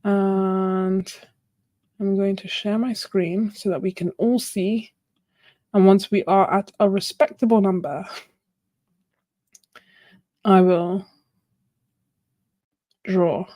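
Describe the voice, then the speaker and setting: A woman's voice: medium pitch, fairly even intonation, slow, pauses often, warm tone, no room sound, clean studio sound. A woman hosting a casual art livestream, chatting, laughing often and thinking aloud. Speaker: art channel host.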